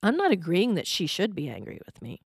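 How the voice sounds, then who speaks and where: A woman's voice: fairly low pitch, huge pitch swings, brisk, gravelly, breathy edge, no echo, studio quality. Patient middle-aged woman explaining parenting advice. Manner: patient, explanatory, checks in with "okay?". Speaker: parenting guest expert. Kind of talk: conversational advice interview.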